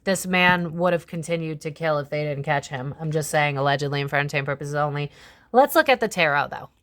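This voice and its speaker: Low-pitched and a bit bright, this young woman talks fast as she works casually through a tarot reading on her channel. She swears without restraint and keeps slipping into other people's voices.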